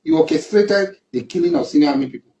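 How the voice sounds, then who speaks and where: Nigerian guy calling someone out, emphatic, slightly high voice, echoey room. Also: fast talker, dark tone, lo-fi sound. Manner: accusing, emphatic, repetitive. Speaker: community leader. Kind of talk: public statement.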